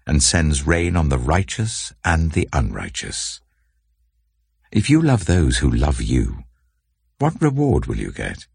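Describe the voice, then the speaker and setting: A man giving a slow, solemn Bible reading in a grave, measured way. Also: rumbling low, vocal fry, darkish tone, breathy edge, no echo, clean studio sound. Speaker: scripture reader.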